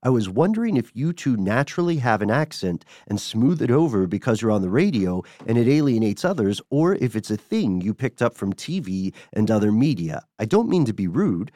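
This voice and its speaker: A man's voice: on the low side, big pitch swings, brisk, few pauses, mellow, no echo, studio quality. A man from Tennessee co-hosting a podcast, reading listener mail and chatting in an easygoing way, laughing often. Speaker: podcast co-host. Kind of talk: casual podcast chat.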